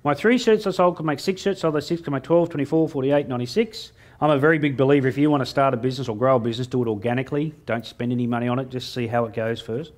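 A man's voice: medium pitch, rapid-fire, hardly any pauses. A middle-aged Australian man giving a keynote speech to a live audience, telling cheeky stories and acting out both sides of his conversations. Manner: cheeky storytelling, acting out dialogue with a jokey punchline rhythm. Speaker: motivational speaker.

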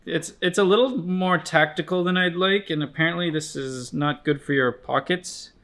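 A man casually walking through his outfit in a store vlog, relaxed and chatty with plenty of hesitations. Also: on the high side, moderate pace. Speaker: store staff member. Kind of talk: casual fit-check vlog.

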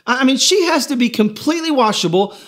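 A man's voice: extremely high pitch, expressive, fast talker, fairly bright tone, voice pushed up. A man voicing God as an overworked, fervent male creator, listing demands emphatically as he tells a story in a sermon. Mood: exasperated.

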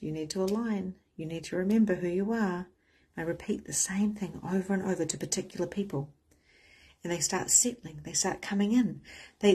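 A woman's voice: mid-range voice, breathy edge. A woman giving a candid, casual motivational talk as a spiritual coach, swearing freely and acting out the voices of people she quotes.

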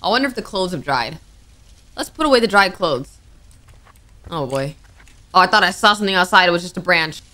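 A woman's voice: on the low side, animated, a little fast, long pauses, sharp tone. A woman streamer playing a horror game, talking to herself in nervous, jumpy commentary. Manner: jumpy, talks to herself, scared exclamations. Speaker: gaming streamer. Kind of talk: let's play commentary.

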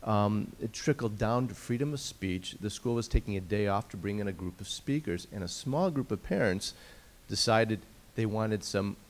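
A middle-aged man from Chicago stands up in a lecture audience to make a comment. He speaks haltingly, restarting and repeating words. His voice is somewhat low. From Chicago, United States. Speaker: audience member. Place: law school lecture room.

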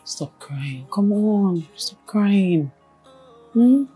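A patient Nigerian mother, coaxing softly in a lowish voice. She speaks very slowly, and faint music plays behind her. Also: animated, breathy edge, heavily acted. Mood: soothing. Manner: gentle, coaxing, unhurried. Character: soothing mother, middle-aged woman.

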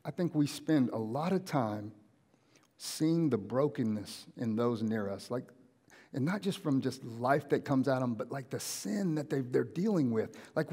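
A young man preaching a casual sermon in a church auditorium, animated and often acting out everyday conversations in different voices. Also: mid-range voice, slightly rough. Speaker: pastor.

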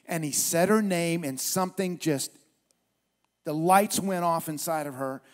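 A man's voice: on the high side, a little slow. A male pastor preaching a sermon at a church service in an emphatic, repetitive way.

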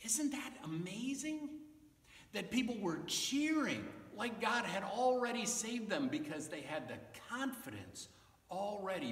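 A man, a pastor, giving a children's sermon in a gentle, coaxing way, asking the children questions. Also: high-pitched. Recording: echoey, reverberant, from far off.

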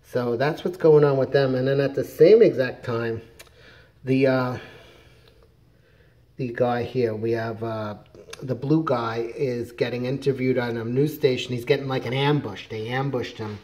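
A man's voice: mid-range voice, steady tone, measured pace, darkish tone. A middle-aged man casually retelling a comic book plot, rambling with many fillers and restarts. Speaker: comics reviewer.

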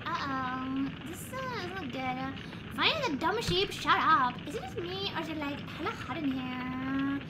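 Very high-voiced, goofy woman streamer. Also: big pitch swings, normal speed, background noise. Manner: goofy, dramatic, swears with abbreviations. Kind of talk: playing a game on a live stream. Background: game music.

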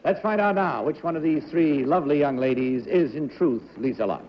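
A man hosting a game show, calling the vote in a smooth, formal way. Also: fairly high pitch, a little fast, a little hiss or hum. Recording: dull 1960s TV recording in a reverberant studio.

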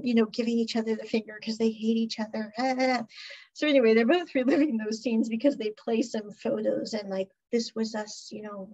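A woman podcast host, chatty and animated, recapping a television drama in a casual way. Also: on the high side. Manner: chatty, animated retelling with laughs. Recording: dull lo-fi recording.

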